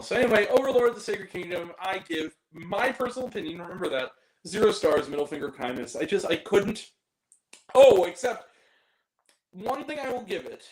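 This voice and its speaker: A young man giving a casual, blunt, rambling video review of a film, apologetic and self-deprecating as he goes. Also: sits high. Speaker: movie reviewer. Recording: echoey room.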